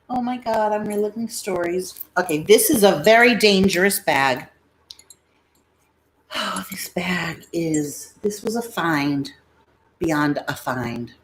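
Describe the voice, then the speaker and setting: A woman's voice: on the low side, slight background noise. Chatty, rambling American woman streaming live. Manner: rambling, chatty, acts out family members' voices. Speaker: livestream host selling bags. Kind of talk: casual storytelling livestream.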